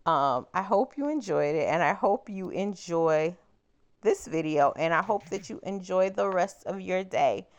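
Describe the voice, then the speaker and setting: A woman crochet vlogger chatting casually as she tells a personal story, animated and exclaiming. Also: fairly low pitch, a little slow.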